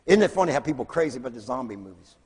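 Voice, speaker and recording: A man preaching, telling lively stories and acting out the voices of the people in them. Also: medium pitch, rapid-fire, slightly rough. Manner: animated storyteller, acts out voices in quotes. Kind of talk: storytelling sermon. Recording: long hall reverb.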